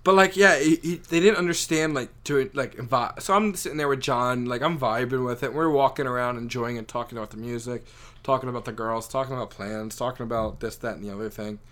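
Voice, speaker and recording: A man's voice: medium pitch, fairly quick, a bit bright. A young man chatting casually, rambling through a story with lots of filler words. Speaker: friend telling a story. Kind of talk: casual chat.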